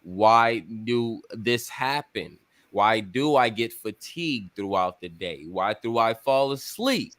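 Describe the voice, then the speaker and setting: A man's voice: fairly low pitch, lively intonation, takes it slowly, hardly any pauses, fairly bright tone. A man hosting a casual talk show, rambling and emphatic, cursing freely as he explains his views. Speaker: podcast host. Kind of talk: casual chat.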